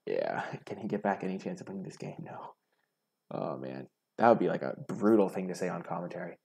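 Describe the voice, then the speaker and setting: Gravelly low-voiced man commentating a game. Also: animated, a little fast, a little mellow. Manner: chatty, self-critical, thinking aloud. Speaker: gaming streamer. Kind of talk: casual gameplay commentary.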